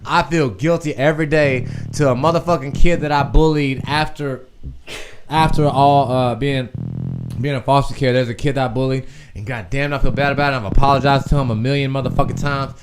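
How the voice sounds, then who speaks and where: A young man hosting a podcast stream, telling a personal story in a candid, profane, animated way. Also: medium pitch, brisk, noisy background. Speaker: podcast host.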